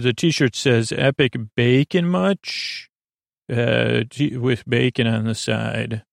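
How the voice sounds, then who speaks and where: A man recaps an episode for a sleep podcast in a low-key, unhurried way, often stopping to correct himself. His voice has a gravelly fry and stays level, with little rise or fall. The sound is dry and close. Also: no room sound. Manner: halting, many fillers and self-corrections.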